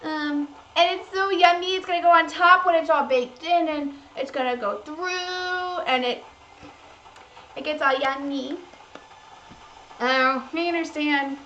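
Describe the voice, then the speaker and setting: A woman's voice: sits high, fairly even intonation, measured pace, bright, forceful tone, muffled recording, a little hiss or hum. A woman hosting a cooking livestream, chatting in a bubbly, gushing way to her viewers. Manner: bubbly, gushing, talks to chat. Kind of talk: casual livestream chat to viewers. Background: faint background music.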